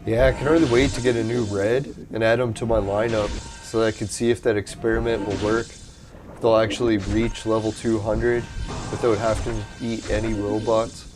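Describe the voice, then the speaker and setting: A man giving casual commentary over his mobile game, a little hoarse as he is losing his voice, reacting with excited outbursts and cursing. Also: lowish voice, moderate pace, music in the background. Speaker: gameplay commentator.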